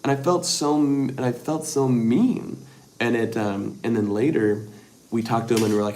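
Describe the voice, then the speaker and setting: A middle-aged man hosting a casual livestream, reading viewer comments and rambling softly with lots of fillers. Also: mid-range voice, moderate pace, slight background noise. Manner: rambling, soft-spoken, with many fillers. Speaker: livestream host.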